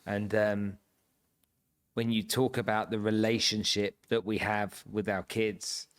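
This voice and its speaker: Low, flat-voiced man musing. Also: a little slow, clean tone. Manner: earnest and thoughtful, rambling with fillers. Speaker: podcast host. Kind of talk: casual interview chat.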